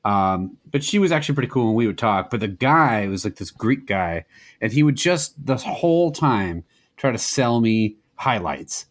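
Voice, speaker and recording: A man in his thirties co-hosts a podcast in casual chat. He rambles through stories and laughs often. His voice sits at a middling pitch. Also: animated, moderate pace. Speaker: podcast co-host.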